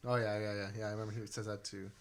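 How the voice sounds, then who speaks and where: A young man co-hosting a casual podcast, talking in an excitable rush with plenty of fillers, his voice jumping high when he gets thrilled. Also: racing, clear, resonant tone. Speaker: podcast co-host. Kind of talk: casual chat.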